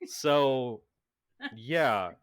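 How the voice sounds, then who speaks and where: Slow, rambling male game master. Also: mid-range voice, smooth, dry recording, clean studio sound. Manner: rambling, many fillers and restarts. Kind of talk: narrating a tabletop game.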